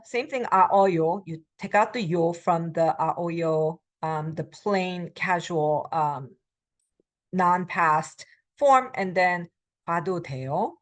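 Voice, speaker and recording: A middle-aged woman with a lowish voice delivers a recorded Korean lesson. Patient and peppered with ums, her explanations shift between unhurried English and brisk example phrases.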